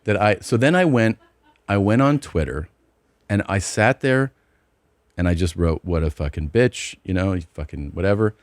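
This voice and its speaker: Podcast host, male, very low voice, profane indignant storyteller, dry studio sound. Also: sing-song, moderate pace, no room sound. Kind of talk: casual podcast chat.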